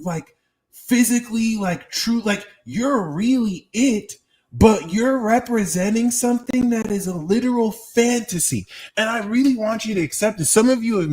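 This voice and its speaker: Reading tarot on a live stream, a young man chats casually with his viewers, swearing often and using lots of slang. He has a high voice with a darkish tone.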